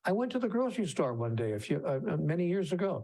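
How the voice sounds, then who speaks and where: A man's voice: a little high, big pitch swings, fast, mellow. A man telling a personal story as a conference speaker, often restarting sentences and acting out the voices of other people. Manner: anecdotal, with frequent restarts and acted-out voices. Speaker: keynote speaker and author.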